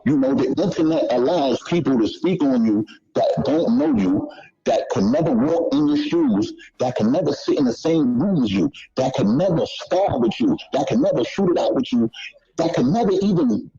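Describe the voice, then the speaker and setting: Husky guy with a mellow voice, swears a lot, dull lo-fi clip sound. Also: mid-range voice, big pitch swings, moderate pace. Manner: swearing, repetitive street talk. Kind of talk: casual storytelling.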